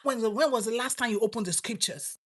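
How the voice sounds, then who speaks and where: A woman's voice: a little high, brisk, breathy edge. A woman with a Nigerian accent preaching a sermon, exhorting her listeners with rising and falling emphasis.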